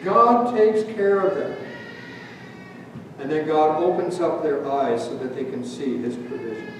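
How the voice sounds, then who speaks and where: Speaking a little slowly in a fairly high voice, this man is a pastor from Canada preaching in a church sanctuary. He tells stories and asks his congregation questions. It's captured from a distance in an echoing hall, with a faint hum underneath.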